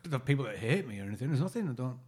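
A man's voice: mid-range voice, big pitch swings, very fast, a little mellow, breathy edge. A man in casual chat, joking and putting himself down, often laughing. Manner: jokey, self-deprecating, laughs often.

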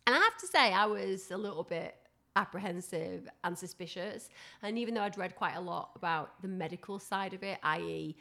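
A woman with a strong Northern English accent, co-hosting a casual podcast at home and telling stories with lively, acted-out asides. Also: on the low side, fairly quick, vocal fry. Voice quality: animated, acts out voices in her anecdotes. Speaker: podcast co-host. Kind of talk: casual chat. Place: home, dogs nearby.

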